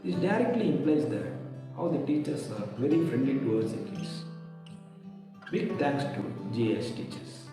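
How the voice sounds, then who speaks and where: A man giving a prepared, measured testimonial as a parent. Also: medium pitch, sing-song. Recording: echoey hall, distant mic, music behind.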